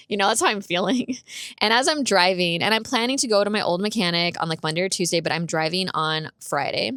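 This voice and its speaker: A woman's voice: on the low side, fairly quick, fairly bright tone, dry recording. A woman vlogger telling a personal story in a chatty, rambling way. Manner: chatty, rambling, many "like"s, laughs while telling. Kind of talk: casual storytelling vlog.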